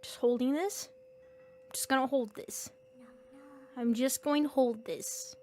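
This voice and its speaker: A woman's voice: high voice, fairly even intonation, a little slow, a little mellow, slight background noise. A young woman streaming a horror game, reacting with jittery nerves, screams and nervous laughter. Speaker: gaming streamer. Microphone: headphones with mic.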